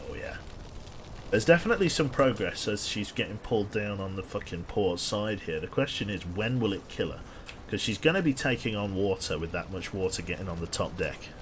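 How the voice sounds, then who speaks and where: A man's voice: lowish voice, animated, normal speed, fairly bright tone, a little hiss or hum. A man giving dry, sardonic live commentary on his gameplay and chatting with viewers, swearing casually along the way. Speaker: game streamer.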